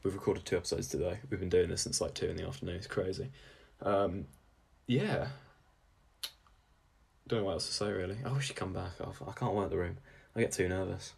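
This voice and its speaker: Husky-voiced rambling young man. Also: sits low, fairly even intonation, fairly quick, long pauses, darkish tone. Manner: rambling, self-deprecating, filler-heavy. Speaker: podcast co-host. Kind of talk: casual comedic chat.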